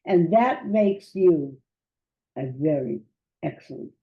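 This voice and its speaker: An older woman and great-grandmother chatting as a guest, a lively storyteller who repeats words as she goes. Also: fairly low pitch, slow pace, roomy sound. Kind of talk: casual chat. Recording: dull lo-fi sound.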